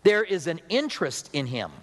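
A middle-aged pastor preaches a sermon at a normal pace in a slightly high voice, and a long hall reverb trails his words. His manner with the congregation is relaxed and conversational, full of chatty asides and acted-out quotes.

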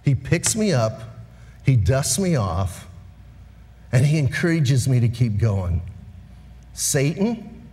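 In a church sanctuary with a big-room sound, a high-voiced male pastor preaches a sermon at a measured pace. He's animated and conversational, tossing asides to the congregation.

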